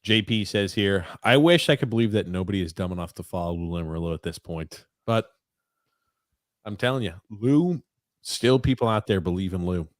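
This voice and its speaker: Laid-back male podcast co-host, lowish voice, dry and close, reads viewer comments with wry remarks. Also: lively intonation, moderate pace, no echo. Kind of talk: casual sports podcast chat.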